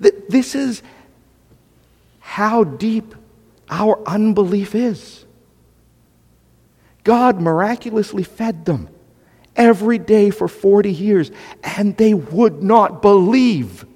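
A man's voice: high-pitched, takes it slowly, pauses often, darkish tone, long reverb tail. A man preaching a sermon as pastor, emphatic and conversational, with asides to the congregation.

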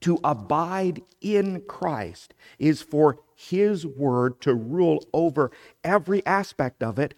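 Man, pastor, sermon, slow and deliberate, emphatic scripture reading. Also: fairly high pitch, animated, darkish tone.

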